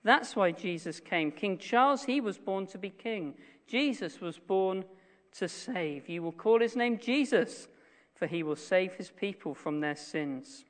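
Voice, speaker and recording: A man preaching a sermon, earnest, slowing down and dropping his voice to stress key phrases. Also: sits high, expressive. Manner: earnest, slows and drops to a hush on key phrases. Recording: long reverb of a hall.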